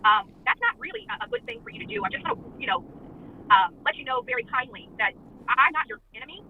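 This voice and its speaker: A woman vents indignantly and emphatically at high speed, her high voice swinging widely in pitch. She comes through a tinny phone line with a faint hiss behind her. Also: sing-song. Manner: indignant, emphatic, rapid venting. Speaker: guest on a stream. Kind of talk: casual chat over the phone.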